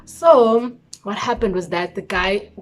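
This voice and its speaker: A young South African woman vlogger telling a personal story in an expressive voice, mixing in isiZulu words. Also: mid-range voice, takes it slowly. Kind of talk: storytime vlog.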